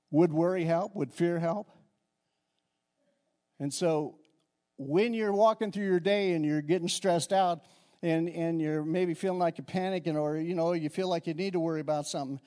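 Animated older male preacher, higher voice. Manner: animated, swinging from soft asides to loud exclamations. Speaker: pastor. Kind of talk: sermon.

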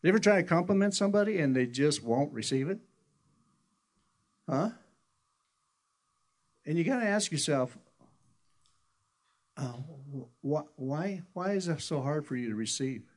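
A man's voice: fairly high pitch, lively intonation, a little slow, long pauses. A middle-aged man preaching a sermon in a conversational, folksy storytelling way, often restarting his sentences. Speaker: pastor.

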